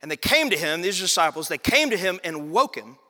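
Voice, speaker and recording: High-voiced preacher in a big echoing hall. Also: male voice, big pitch swings, brisk, bright, forceful tone. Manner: preaching with rising emphasis and repetition. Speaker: pastor. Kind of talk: sermon.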